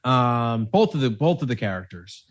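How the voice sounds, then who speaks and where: A man co-hosting a film podcast, talking casually with halting restarts and trailing thoughts. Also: medium pitch, very animated. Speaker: podcast co-host.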